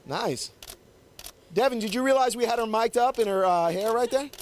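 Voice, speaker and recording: Male photographer-instructor, high-pitched, encouraging, keeps directing poses on a body mic. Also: normal speed, a little hiss or hum. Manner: upbeat, coaxing, directs the couple constantly. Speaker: wedding photographer teaching. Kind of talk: live posing demonstration. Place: confined indoor shooting space.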